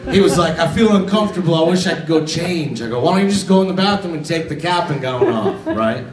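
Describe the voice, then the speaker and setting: A man in his forties performs stand-up comedy on a theater stage, telling stories in a conversational way. His voice sits a bit high for a man. The sound is roomy and a bit distant, like a theater recording. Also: expressive, fast talker, over a noisy crowd. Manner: conversational storytelling, acts out family dialogue. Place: theater stage with a live audience.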